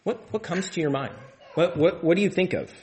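A man's voice: sits high, a little fast, a little mellow. A man preaching a sermon as pastor of a church, in a conversational way, often repeating and restarting words.

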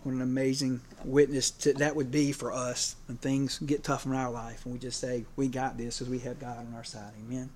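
Casting: male preacher, mid-pitched, chatty and unpolished, leans on "you know", tells homespun stories. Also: flat delivery, moderate pace, few pauses. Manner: conversational, many fillers, gets emotional. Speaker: preacher and PE teacher. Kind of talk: sermon.

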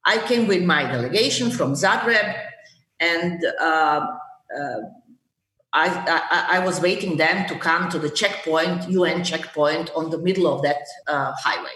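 Older woman telling a story, halting. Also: deep voice, distant mic. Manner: halting, many fillers, lively when recounting anger. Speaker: interviewee, former government negotiator. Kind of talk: storytelling in an interview. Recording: roomy echo.

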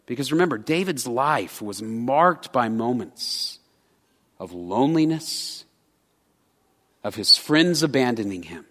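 A man's voice: medium pitch, fairly bright tone. A man preaching a sermon as pastor, telling a personal story in an earnest, conversational way. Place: church sanctuary. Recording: church hall with long reverb.

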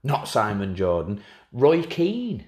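A man co-hosting a casual football podcast, telling anecdotes with lots of swing in his pitch. His voice sits in an echoey room. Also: slow pace. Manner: lively storyteller, slips into impressions of people. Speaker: podcast co-host.

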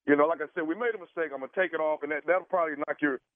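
A man's voice: fairly high pitch, dry recording. Stammering man on a tinny phone line. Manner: halting, stammering with many fillers. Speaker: radio prank caller. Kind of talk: prank phone call posing as a caterer.

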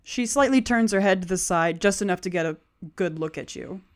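A woman narrating a tabletop game as game master, describing scenes in an unhurried, descriptive way. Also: medium pitch.

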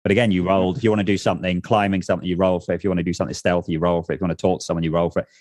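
Fast-talking deep-voiced man. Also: no room sound, studio quality. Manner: rambling, self-correcting, animated. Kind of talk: casual chat about tabletop games.

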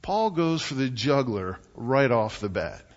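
A man preaching a sermon as pastor, telling stories and acting out quotes with animated delivery. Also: medium pitch, unhurried. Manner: animated storytelling with acted-out quotes. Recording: muffled sound in a reverberant hall.

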